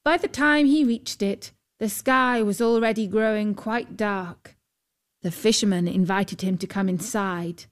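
A woman narrating a fairy tale in a calm, measured storytelling manner. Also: mid-range voice.

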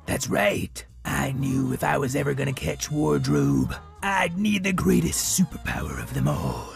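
A man voicing a boastful, muscle-proud male detective who shouts and brags in a gravelly voice. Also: mid-range voice, very animated, a little slow, faint music behind, pitched below the performer's own voice, heavily acted.

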